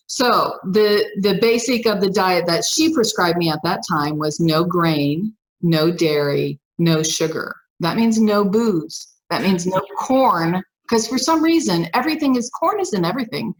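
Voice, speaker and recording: Animated woman telling a personal story. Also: on the low side, a little slow, hardly any pauses, poor audio. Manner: animated, emphatic retelling with acted-out dialogue. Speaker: podcast guest.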